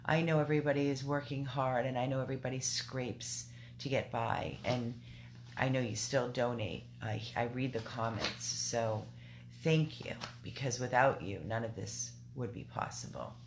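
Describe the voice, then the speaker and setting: A woman's voice: extremely low pitch, normal speed. A woman who runs a dog rescue, chatting casually with viewers and talking to her dogs between thoughts. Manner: chatty, talks to viewers and dogs, repeats words. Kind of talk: casual live video chat. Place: indoor rescue house with barking dogs. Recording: noisy home recording.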